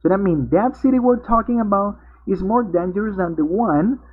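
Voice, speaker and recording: A man's voice: sits high, expressive, moderate pace, slightly rough. A male English teacher, patiently explaining grammar step by step in an online class. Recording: tinny narrowband video-call audio.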